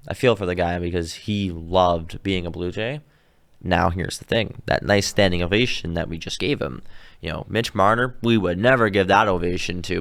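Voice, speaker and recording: Male sports podcast host, deep smooth voice, opinionated and rambling. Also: fairly bright tone. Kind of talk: casual sports talk.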